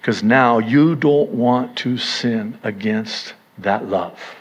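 A male pastor delivering a sermon at an unhurried pace. He builds to emphatic, rising bursts and slips in wry humor. His pitch sits in the middle range for a man. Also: breathy edge.

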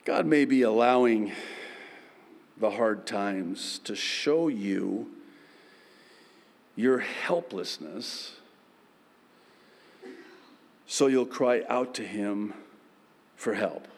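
Pastor, male, measured sermon delivery, long reverb. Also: fairly low pitch, creaky. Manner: acts out both sides of dialogues with God, animated.

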